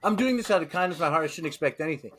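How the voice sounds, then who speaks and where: A man from New York co-hosting a podcast, telling stories in a loose, profane, animated way. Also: a little high, rapid-fire, a little hiss or hum. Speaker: podcast co-host. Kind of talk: casual podcast chat.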